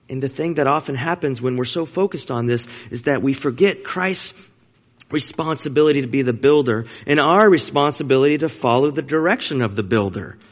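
A man's voice: mid-range voice, a little fast. A male pastor preaching a sermon to his congregation, earnest and emphatic, repeating his key phrases. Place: church sanctuary. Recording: dull lo-fi sound in a long-reverb sanctuary.

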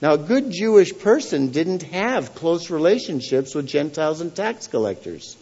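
A man giving a sermon as pastor, earnest and questioning the congregation, swelling to loud emphasis on key points. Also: on the high side, big pitch swings, moderate pace, slightly rough, muffled recording. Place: church.

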